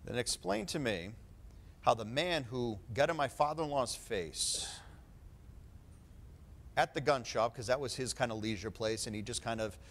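A male preacher delivering a fervent sermon full of rhetorical questions, swinging between quiet talk and loud preaching. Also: medium pitch, normal speed, pauses often.

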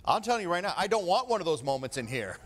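A man preaching a sermon in a fairly high voice. He swings from hushed, confiding asides to loud, climbing declarations. He drives his points home with rhetorical questions. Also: sing-song, rapid-fire.

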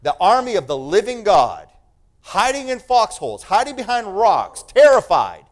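A male preacher delivering a sermon, emphatic and animated, repeating phrases for effect. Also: sits high, normal speed.

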